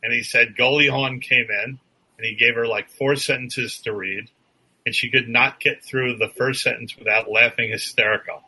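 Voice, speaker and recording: Bright, husky older man telling stories. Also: medium pitch, fairly even intonation, moderate pace, rough recording. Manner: laughs often, tells anecdotes. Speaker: podcast co-host. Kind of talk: casual chat.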